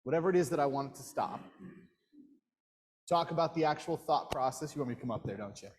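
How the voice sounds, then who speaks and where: A man explaining a framework to a workshop audience in a measured way, checking in with the room. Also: on the high side, lively intonation, slight background noise. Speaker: workshop guest speaker. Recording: long hall reverb, live room.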